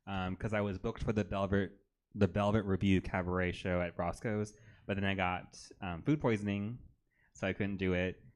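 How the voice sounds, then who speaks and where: A man with a low-pitched voice chats as a guest on a talk show, rambling through stories about pop music and his gigs. His sentences wander and trail off, broken by easy laughter. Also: fairly even intonation, moderate pace. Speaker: guest, drag performer. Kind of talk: casual chat.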